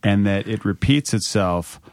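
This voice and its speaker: A man in his thirties hosting a chat show, relaxed and anecdotal, laughing easily. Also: on the low side, a little slow, dry recording, clean studio sound. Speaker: podcast host. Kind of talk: casual chat.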